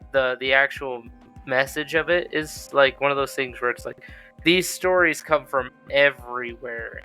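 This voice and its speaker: Young male host, clear resonant voice, jokey and profane. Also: medium pitch, sharp tone. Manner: joking, loose and profane. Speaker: podcast host. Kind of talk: casual chat.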